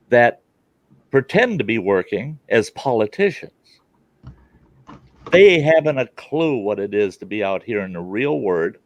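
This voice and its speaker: A man's voice: mid-range voice, no room sound, muffled recording. A man ranting bluntly in a casual group chat, acting out dialogue as he goes. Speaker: call participant.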